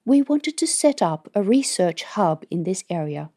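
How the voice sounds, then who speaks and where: A woman voicing a stern, secretive female military colonel in an audiobook, speaking in a measured, grave way. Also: mid-range voice, big pitch swings, warm tone.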